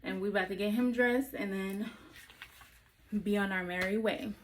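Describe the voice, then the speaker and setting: A woman filming a casual get-ready-with-me vlog, a bit out of breath and talking in a relaxed, chatty way with lots of ums. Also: mid-range voice, moderate pace. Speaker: beauty vlogger. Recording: noisy home recording. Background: household noise, a toddler nearby.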